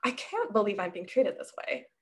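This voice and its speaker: A woman voicing a smug, suspiciously polite male spider in a children's story, talking in a smooth, reasonable, mock-wounded way. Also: medium pitch, big pitch swings, moderate pace, natural voice. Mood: politely indignant.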